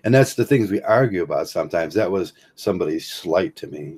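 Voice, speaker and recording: The Ohio livestream host's voice sits low and sounds animated, a little mellow, with a breathy edge and a Midwestern American accent. He meanders through philosophy haltingly, restarting often, leaning on fillers and chuckling a lot.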